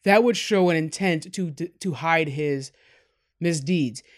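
A man's voice: fairly high pitch, unhurried. A man giving a casual, candid film review, rambling with asides and self-corrections. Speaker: movie reviewer.

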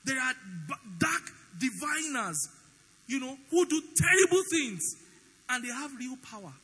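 A man's voice: very high-pitched, measured pace, husky, in a large hall, rough recording. A man with a Nigerian accent preaching a sermon as pastor, telling stories animatedly and acting out the dialogue. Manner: animated storytelling, acts out dialogue.

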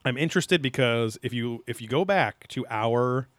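A man's voice: medium pitch, expressive, normal speed, no room sound. A man co-hosting a podcast in casual chat, rambling with lots of fillers and offhand swearing. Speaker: podcast co-host.

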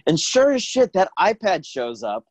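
A man's voice: high-pitched, huge pitch swings, normal speed, no room sound. A man who worked at a comedy club, telling stories in casual chat and acting out the people he quotes. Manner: dry storyteller, backchannels often, acts out quotes. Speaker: former comedy club staffer.

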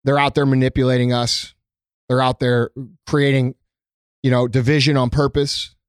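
A small business owner speaks to his followers indoors at his company premises, his mid-range voice level, smooth, and at a moderate pace in a dry, studio-quality recording. The unscripted, heartfelt monologue is earnest and emotional, full of free swearing, ums, and restarts.

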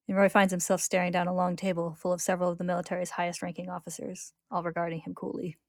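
A woman's voice: on the low side, flat delivery, fast, few pauses, darkish tone, dry recording, clean studio sound. A woman host retelling a comic's story in casual recap narration, laughing often and lifting the quoted lines. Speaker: podcast host retelling a manga.

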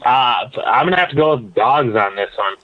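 A man's voice: medium pitch, lively intonation, moderate pace. Wry male caller on a muffled line.

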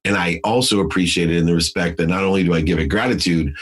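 A man's voice: deep voice, fast, a little hiss or hum. A middle-aged man telling his life story in an emphatic, motivational way, in short punchy phrases. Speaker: guest.

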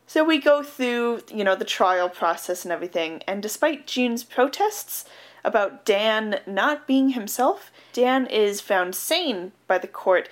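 A woman with a medium-pitched, animated voice speaks slowly as she co-hosts a casual podcast chat. She recaps a film's plot in a chatty, giggly way, laughing often and peppering her talk with fillers.

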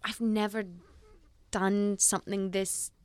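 A woman's voice: mid-range voice, level tone, slow pace, a little mellow, clear, resonant tone. A young woman with an Australian accent, chatting as a guest in an interview, full of "like" fillers and restarts. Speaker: guest actress. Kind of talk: casual interview chat.

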